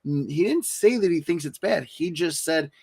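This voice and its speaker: A man with a slightly raised pitch co-hosts a casual podcast chat. He agrees readily and takes his time explaining a point in full. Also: expressive, normal speed, vocal fry, a little mellow, breathy edge. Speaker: podcast co-host.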